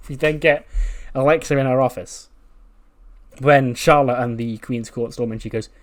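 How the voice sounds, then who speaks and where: A man gives casual let's-play narration of a wrestling sim, his voice at an ordinary middle pitch. He is chatty and self-mocking, recapping events as they happen. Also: measured pace. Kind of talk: casual game commentary.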